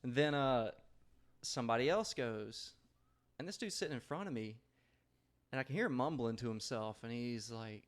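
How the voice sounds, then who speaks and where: A man's voice: medium pitch, lively intonation, moderate pace. A man co-hosting a podcast, telling a rambling, laugh-filled story in casual chat with plenty of swearing. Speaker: podcast co-host.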